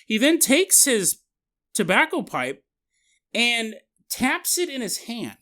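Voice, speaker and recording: A man hosting a podcast, telling a story in a casual, animated, jokey way and acting out the sound effects and the quotes himself. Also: very high voice, slow pace. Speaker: podcast host.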